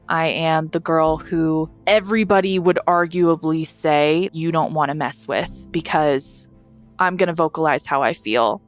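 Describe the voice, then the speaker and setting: A young woman with a deep, gravelly voice frankly tells her own story as a podcast guest. She's blunt and swears freely in this candid first-person account.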